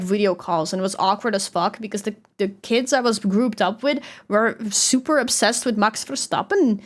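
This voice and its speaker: A young woman speaks English with a Dutch accent in a relaxed livestream chat. Her voice sits a little high, and she rambles, swears casually and laughs between thoughts while reading chat. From Netherlands. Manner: chatty and loose, swears, laughs often. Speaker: streamer.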